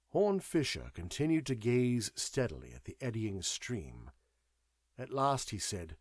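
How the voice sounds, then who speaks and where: A man narrating a story in an expressive storytelling manner. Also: deep voice, unhurried, husky, no room sound, clean studio sound. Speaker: audiobook narrator. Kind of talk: scripted narration.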